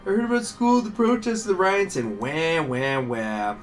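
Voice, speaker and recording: A man voicing a curious, apologetic teenage son while reading game dialogue aloud, with earnest, rapid questioning. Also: fairly high pitch, faint music behind, pitched above the performer's own voice, natural voice. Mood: pleading.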